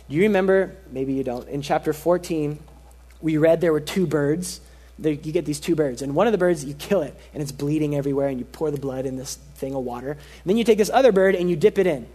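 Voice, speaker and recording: A man preaching a sermon as pastor, earnest and emphatic, repeating key phrases and dropping his voice soft for stress. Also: a little high, moderate pace.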